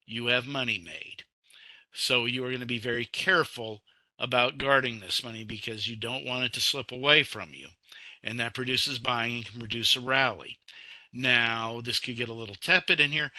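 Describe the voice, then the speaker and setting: A man giving market commentary in a webinar, walking through price charts step by step in a measured way. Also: mid-range voice, bright, forceful tone, no room sound. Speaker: market analyst.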